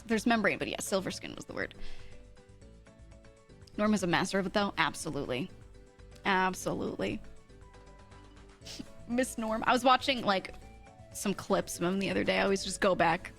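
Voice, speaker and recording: A woman's voice: mid-range voice, a bit bright. A woman streamer telling a rambling story in casual chat, swearing freely, often laughing and correcting herself.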